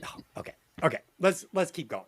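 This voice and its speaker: A man hosting a podcast and running a quiz, talking in a profane, animated way. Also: fairly high pitch, brisk, breathy edge, dry recording. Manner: animated, profane, quizzing the others. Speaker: podcast host. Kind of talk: casual chat.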